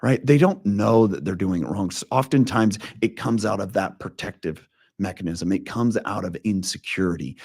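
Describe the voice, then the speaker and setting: A man in his forties speaks earnestly about leadership, his husky voice sitting low. He talks with intensity, often restarting sentences as he tells stories. The sound is dry and close. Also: no room sound. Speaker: leadership coach. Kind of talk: casual interview talk.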